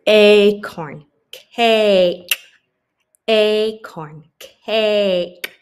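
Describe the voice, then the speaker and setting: Woman teacher doing a phonics lesson for little kids, talks real slow, sounds out every letter. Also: mid-range voice. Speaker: kindergarten teacher. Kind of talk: phonics lesson for young children.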